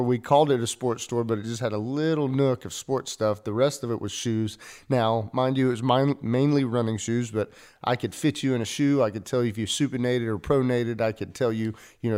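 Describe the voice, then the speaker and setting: A man's voice: mid-range voice, darkish tone, smooth. Male podcast host, folksy, self-deprecating storyteller, mid-range voice. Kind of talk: casual storytelling.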